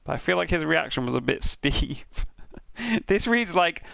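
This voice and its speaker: A man's voice: on the high side, normal speed, vocal fry, a bit bright, no room sound. A British man streaming, giving casual, sweary commentary with frequent laughs as he reviews racing crash clips. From Britain.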